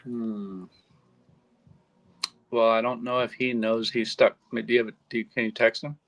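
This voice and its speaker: Man, mid pitch, relaxed, joking, student, video call. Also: moderate pace, rough recording. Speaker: student in an online language class. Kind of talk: casual online class discussion.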